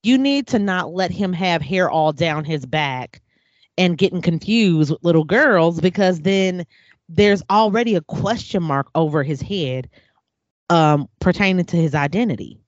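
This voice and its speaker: Animated woman telling stories, dry lo-fi. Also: fairly low pitch, a little slow, dry recording. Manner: animated storyteller, acts out quotes. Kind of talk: casual chat. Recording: dull lo-fi dry sound.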